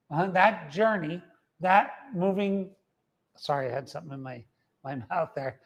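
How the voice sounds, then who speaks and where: A middle-aged man giving a motivational talk. He speaks emphatically, repeats his key phrases and adds "uh-huh" after his points. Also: on the high side.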